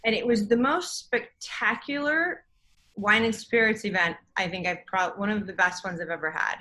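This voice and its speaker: A middle-aged woman with a bright, clear voice tells a story in casual podcast chat. Her telling is emotional and rambling, and she circles back over her own words. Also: mid-range voice, normal speed, rough recording.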